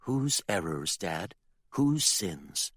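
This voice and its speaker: Male narrator doing a defiant teenage girl, quiet and pointed, low voice, audiobook. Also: very animated, drawn-out words, husky, no echo, clean studio sound, exaggerated voice. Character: defiant teenage girl confronting her father. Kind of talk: audiobook character voice.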